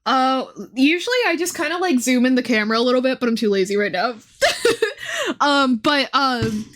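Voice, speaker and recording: A young woman with a high voice tells a long story on her live stream. She rambles in a casual chatty way, with plenty of ums, and often breaks into laughter. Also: normal speed, a bit bright.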